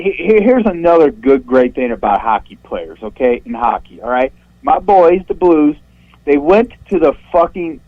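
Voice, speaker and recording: St louis guy calling in, cussing up a storm, pitched kinda high, voice goes shrill when he's mad, muffled phone line. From St. Louis, USA. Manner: profane, voice jumps shrill when worked up. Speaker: caller. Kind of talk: angry call-in rant. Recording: dull phone-line call audio.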